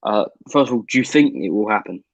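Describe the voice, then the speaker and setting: A man's voice: lowish voice, expressive, quick pace, no echo. A British man co-hosting a casual debate, hesitant and stammering when he is pressed. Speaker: co-host. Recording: dull dry mic.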